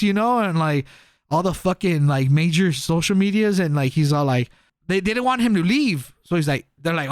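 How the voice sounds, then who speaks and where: A man's voice: on the high side, animated, normal speed, no echo, studio quality. A young man, co-hosting a podcast and telling a rambling story full of fillers and swearing. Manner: rambling, heavy filler and profanity, acts out quotes. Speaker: podcast co-host. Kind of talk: casual storytelling.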